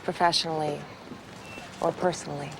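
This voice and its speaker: Flirtatious woman rival, low voice, coy, faint hiss. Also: fairly even intonation, normal speed, gravelly. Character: flirtatious female rival reporter, smooth. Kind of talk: 1990s TV drama acting.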